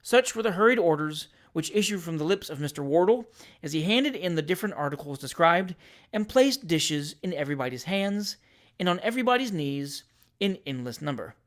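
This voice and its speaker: A podcast narrator reading a classic novel aloud in a measured, wry storytelling manner. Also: medium pitch, expressive. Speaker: audiobook narrator.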